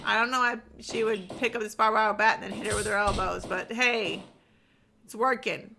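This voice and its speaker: A woman doing excited, animated play-by-play commentary on a wrestling match, cheering and yelling at the action. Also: mid-range voice, moderate pace, vocal fry, background noise. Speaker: host and commentator.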